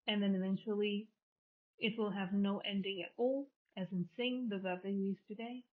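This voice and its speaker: A woman's voice: medium pitch, fairly even intonation, brisk. A woman giving a recorded linguistics lecture, explaining step by step and often rephrasing her terms. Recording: tinny phone-like audio.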